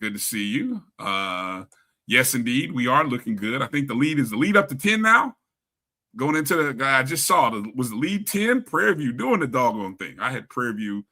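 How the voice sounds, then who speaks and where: With a mid-range, sing-song voice at a normal speed, this co-host of a casual sports talk stream greets chat viewers one by one. He calls out their names in an upbeat, chatty manner.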